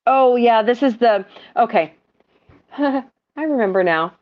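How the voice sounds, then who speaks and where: A woman's voice: fairly high pitch, expressive, unhurried. A woman hosts a laid-back movie recap, taking her time and drifting between thoughts with plenty of ums. Her voice comes through a dull, lo-fi recording. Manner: rambling, laughs, many ums. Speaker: podcast host. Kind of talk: casual movie recap chat. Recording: dull lo-fi audio.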